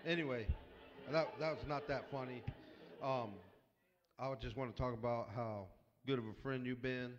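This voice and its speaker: A man's voice: medium pitch, fairly even intonation, moderate pace, pauses often. A man improvising a profane roast in a pub, heckling the guests with crude insults. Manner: crude, trash-talking, heckles the crowd. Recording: echoey, dull-sounding hall recording.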